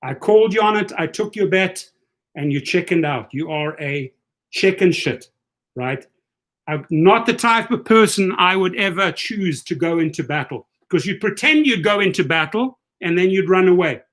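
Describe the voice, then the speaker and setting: A man's voice: sits high, lively intonation, normal speed, a bit bright. Taunting, combative male livestream host. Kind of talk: casual livestream chat.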